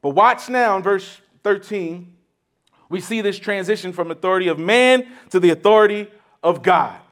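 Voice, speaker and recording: A man with a high voice delivers a sermon, explaining a passage point by point. He leans into key words, restarts phrases and checks in with the congregation as he teaches. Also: moderate pace, a bit bright. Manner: emphatic teaching with frequent restarts and rhetorical "right?". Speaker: preacher.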